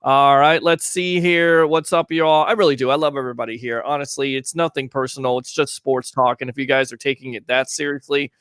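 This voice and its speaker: A man's voice: mid-range voice, steady tone, fairly quick, hardly any pauses, a bit bright, smooth, no room sound. A man hosting a casual call-in sports talk show, chatting and reading out viewer comments.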